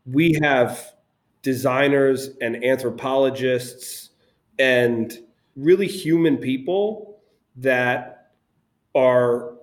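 A man, founder of an agency, telling animated stories as a guest in a casual interview, with frequent restarts. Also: medium pitch, very slow.

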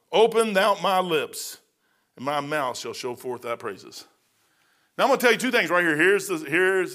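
A man's voice: on the high side, bright, forceful tone. A man preaching a sermon as a pastor, telling folksy stories and rising into fervent preaching.

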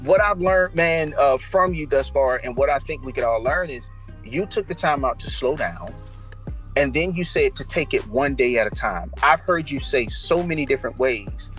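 A man's voice: mid-range voice, normal speed, a bit bright, soft background music. A man from Georgia hosting a casual faith podcast, talking in an affirming, preachy way. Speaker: podcast host.

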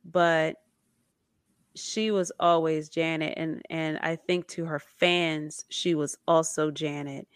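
A woman with a fairly low voice talks through a documentary with her co-host in a loose, chatty way. She acts out quotes with lively jumps in tone. The sound is dry and close. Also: slow pace, clear, resonant tone, no room sound. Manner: animated storytelling with acted-out quotes. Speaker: podcast co-host. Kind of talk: casual chat about a documentary.

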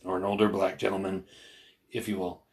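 This podcast co-host has a low voice and talks a little fast. Earnest but hesitant in the casual chat, he uses many fillers and restarts, and his voice rises with animation as he recounts other people's words.

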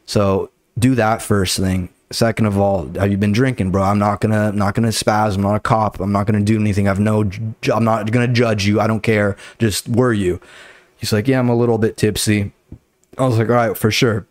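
A man's voice: lowish voice, flat delivery, a little fast, darkish tone, no room sound. A young man hosting a podcast, telling a story in a casual way, full of slang and swearing. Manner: laid-back, heavy slang and swearing, retells his own lines. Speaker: podcast host.

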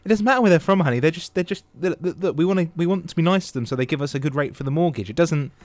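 An improv actor playing a flustered young husband applying for a mortgage, stammering and placating. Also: male voice, fairly high pitch, very fast, dry recording, natural voice. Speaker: improv performer. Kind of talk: improv comedy scene.

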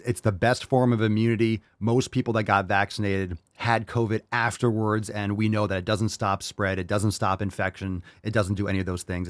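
A man's voice: fairly low pitch, dry recording, clean studio sound. A man hosting a podcast, delivering a heated, profane opinion monologue with mocking asides. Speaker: podcast host.

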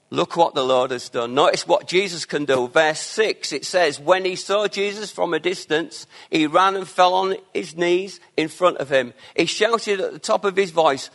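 Earnest preacher man, fairly high voice. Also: unhurried. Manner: earnest, rising to emphatic declarations, drops to quiet asides. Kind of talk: sermon.

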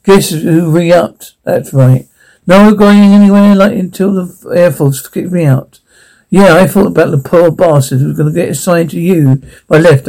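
An actor playing an easygoing, joking air force buddy visiting a friend in a TV drama. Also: male voice, a little high, vocal fry, dark tone, low-quality recording. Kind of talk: TV drama acting.

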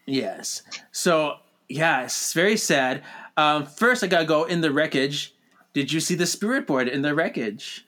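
Man co-hosting a casual recap show; lively, gushing delivery with theatrical asides, a touch higher-pitched. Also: measured pace. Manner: animated, gushing, with dramatic quoted outbursts. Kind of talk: casual chat recapping a TV episode.

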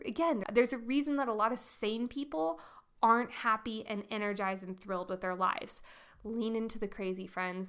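Animated, bright-voiced woman podcast host. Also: a little high. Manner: animated, emphatic, playful demonstrations of tone. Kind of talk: solo podcast talk.

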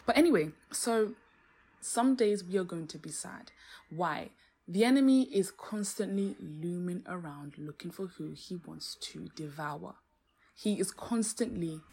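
Breathy young woman, earnest faith podcast. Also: on the low side. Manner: earnest, animated, exclaims and laughs. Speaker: podcast host. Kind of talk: faith-based podcast talk. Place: home, street noise outside.

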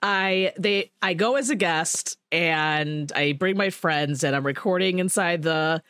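A woman hosting a podcast, telling a rambling, animated story in casual chat, with swearing and laughter. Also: fairly low pitch, measured pace, clean tone, no room sound, clean studio sound. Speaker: podcast host.

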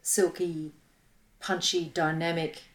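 A woman's voice: fairly low pitch, little pitch movement, slow pace. A woman with an Australian accent co-hosting a sports podcast, reading listener comments with enthusiasm. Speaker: podcast co-host. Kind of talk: casual sports chat.

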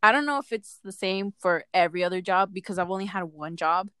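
A young woman telling work stories in casual chat, expressive and slangy, stretching out words for emphasis. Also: medium pitch, quick pace, clean tone, dry recording.

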